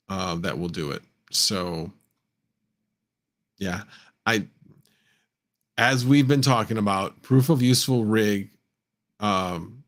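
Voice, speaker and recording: A man with a somewhat low voice hosts a casual livestream. He rambles, restarts his sentences and chuckles often as he answers viewers' messages. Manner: rambling, self-correcting, chuckles often, reads chat aloud. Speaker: livestream host.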